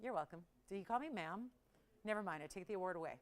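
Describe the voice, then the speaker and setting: A woman's voice: mid-range voice, animated, quick pace. A woman hosting a live on-air jewelry shopping show, chatty and playful, laughing often and teasing the crew. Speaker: shopping channel host.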